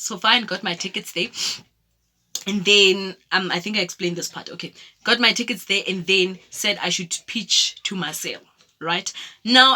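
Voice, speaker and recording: A South African woman tells personal stories in a casual vlog, her voice medium-pitched with a sharp edge. She's reflective, with many fillers and restarts along the way.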